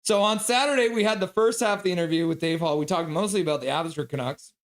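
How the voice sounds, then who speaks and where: Guy doing casual live hockey play-by-play on stream, kinda high voice, jokey and chatty. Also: fast. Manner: chatty, jokey, reacts to chat between calls.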